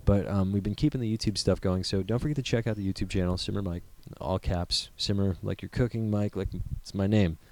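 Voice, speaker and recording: A man's voice: fairly low pitch, steady tone, a little fast, hardly any pauses, a little mellow. A man co-hosting a podcast, chatting loosely, joking and swearing freely. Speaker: podcast co-host. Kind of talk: casual podcast chat.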